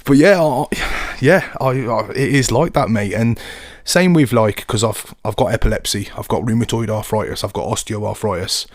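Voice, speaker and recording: A man's voice: lowish voice, normal speed, hardly any pauses, no echo, studio quality. A man, hosting a podcast and chatting casually, often asking "do you know what I mean". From England. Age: 30s. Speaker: podcast host. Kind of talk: casual chat.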